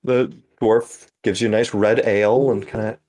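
A man's voice: on the low side, fairly even intonation, moderate pace, mellow. A man narrating as game master in a tabletop role-play, casual and a bit hesitant.

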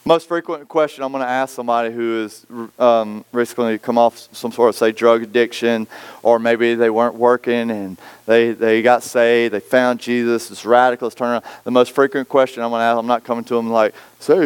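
A man preaching a sermon, telling stories and acting out quoted voices with lively swings. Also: mid-range voice, brisk, clear, resonant tone, no echo. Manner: storytelling, animated, acts out quoted voices. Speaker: pastor.

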